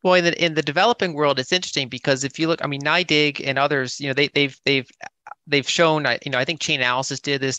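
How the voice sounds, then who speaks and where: Hesitant man on a panel, bright voice. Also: medium pitch, no room sound. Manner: hesitant, many restarts and fillers. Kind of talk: conference panel discussion.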